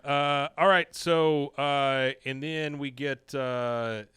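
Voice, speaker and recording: A man co-hosting a podcast, casually retelling an episode with animated storytelling and bursts of voices. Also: mid-range voice, slow pace, smooth, no echo, clean studio sound. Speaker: podcast co-host. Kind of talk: casual chat recapping an episode.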